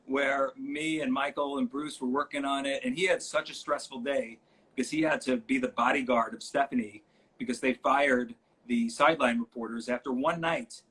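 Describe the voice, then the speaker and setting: A man telling backstage stories on a live video call, animated and playful, acting out the people in his anecdotes. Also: mid-range voice, breathy edge, rough recording. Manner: animated, acts out quotes in storytelling. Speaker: guest author. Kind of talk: anecdotal storytelling on a live stream. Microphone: phone or computer mic on a live video call.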